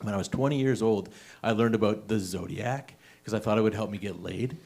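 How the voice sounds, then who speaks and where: A man's voice: on the low side, fairly quick, darkish tone. A young man works the room in a small comedy venue during an open mic set. His talk is chatty and self-mocking, and he keeps breaking into laughter at his own jokes. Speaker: stand-up comedian.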